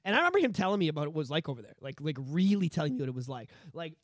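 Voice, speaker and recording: A man in his thirties from Canada rambles through casual podcast banter in profane, joking rants. His voice sits high for a man, and the sound is dry and close. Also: sing-song, rapid-fire, fairly bright tone, no echo. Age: 30s. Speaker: podcast co-host.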